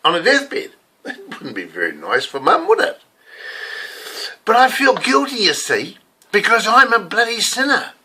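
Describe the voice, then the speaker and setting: A man's voice: sits high, huge pitch swings, a little slow, sharp tone, husky. An older man from New Zealand in a New Zealand accent, giving a rambling, confessional sermon full of personal stories. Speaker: lay preacher. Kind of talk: casual sermon storytelling.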